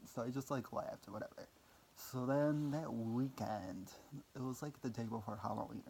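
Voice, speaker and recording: A man's voice: medium pitch, moderate pace, gravelly, a little mellow, slight background noise. A young man telling a personal story in a casual vlog, rambling with lots of fillers, swearing casually and making fun of himself. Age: young adult. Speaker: vlogger.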